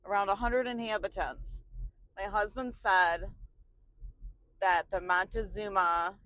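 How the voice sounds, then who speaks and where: A woman chatting through a road trip vlog with a bright, forceful edge to her voice. She talks casually and exclaims a lot, sprinkling in "like" as she goes. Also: medium pitch, steady tone, a little slow, no echo. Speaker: travel vlogger. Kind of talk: casual travel chat. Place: traveling by car.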